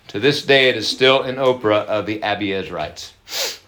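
In a roomy space, a man with a medium-pitched voice delivers a sermon as pastor, chatting energetically with the congregation. He laughs a lot and slows his pace to emphasize important words.

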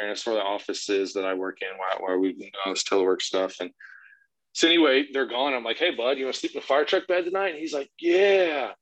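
A man's voice: fairly low pitch, no room sound, rough recording. A man in his thirties telling a long family story in casual chat on a podcast, swearing freely and acting out the lines he quotes. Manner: profane, animated retelling with voiced quotes. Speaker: podcast guest.

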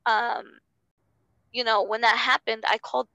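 A young woman speaking in an interview with a gravelly, fry-edged voice that still sounds smooth and full. She talks haltingly and earnestly, restarting phrases and leaning on fillers. The sound is close and dry. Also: on the high side, level tone, pushed and bright, no echo, low-quality recording. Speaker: interview guest. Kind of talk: personal testimony in conversation.

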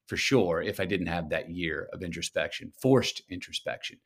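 Gravelly-voiced man, slow and reflective. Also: low-pitched. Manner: slow, reflective storytelling with drawn-out pauses. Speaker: guest. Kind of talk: conversational interview.

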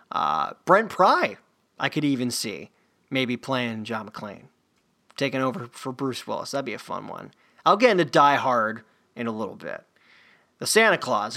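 A man's voice: mid-range voice, sharp tone. A man hosting a solo sports podcast, rambling loosely with lots of fillers and restarts. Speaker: podcast host.

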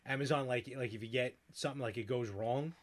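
A man co-hosting a podcast, cutting in with teasing jokes and quick questions in casual chat. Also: medium pitch. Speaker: podcast co-host.

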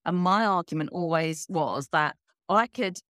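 A woman's voice: lowish voice, a little slow, no echo, clean studio sound. A woman in her thirties, a coaching guest talking candidly and energetically in a casual podcast conversation. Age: 30s. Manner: candid, energetic, laughs easily.

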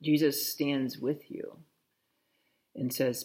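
A man preaching a sermon in a slow, reflective way, softly repeating a blessing. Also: medium pitch, vocal fry. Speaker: pastor.

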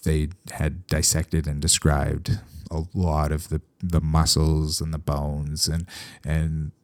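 A man talks in a casual, rambling way, with a voice at the very bottom of the range and a gravelly rasp. His tone is dark and mellow, and the recording is dry. He drops dry, sarcastic asides as he goes. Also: very deep voice, monotone, slow pace, dry recording. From Canada. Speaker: veterinarian. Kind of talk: casual podcast talk.

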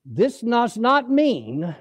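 A man preaching a sermon, folksy and animated, acting out voices as he tells stories in church. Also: very high voice, very slow, slightly rough, no room sound. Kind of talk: sermon with storytelling.

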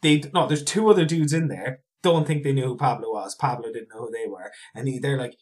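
A man's voice: mid-range voice, fairly quick. A man from Ireland hosting a podcast, chatty and laughing often as he rambles through anecdotes. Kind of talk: casual chat.

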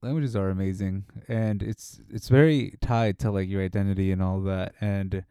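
A man's voice: deep voice, steady tone, moderate pace, mellow, clear, resonant tone, no room sound, clean studio sound. A man co-hosting a casual podcast chat, thoughtful and often repeating words as he thinks. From Spanish-speaking family in the United States. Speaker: podcast co-host.

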